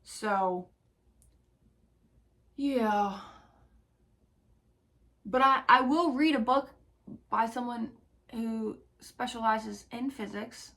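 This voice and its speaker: A young woman rambling casually to camera about her reading goals, excitable and profane, trailing off into half-whispered asides. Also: fairly high pitch, takes it slowly, pauses often. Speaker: book vlogger.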